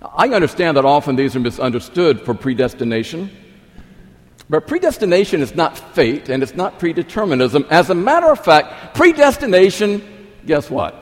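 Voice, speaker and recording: A male pastor preaching a sermon, emphatic, repeating key phrases and swinging between loud and soft. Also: a little high, sing-song, normal speed. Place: church sanctuary. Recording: long reverb of a large hall.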